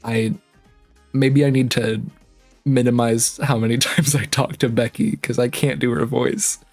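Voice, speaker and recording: A man in a casual let's-play, reading game text aloud and laughing at his own slips. His voice sits at an everyday middle pitch, and faint game music plays under him. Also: fairly even intonation, measured pace, a little mellow. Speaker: streamer.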